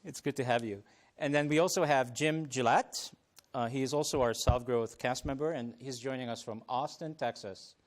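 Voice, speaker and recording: Brief: male talk show host, mid-pitched, affable, laughs easily, lots of filler words, live TV studio panel. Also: moderate pace. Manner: friendly, chuckles often, many ums and restarts.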